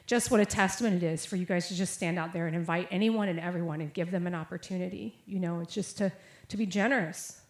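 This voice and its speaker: This young adult woman talks fast, barely pausing, in a lowish voice with fairly even intonation. She's a chatty, storytelling preacher giving a sermon with a personal story, full of casual fillers and acted-out quotes, recorded in an echoey hall.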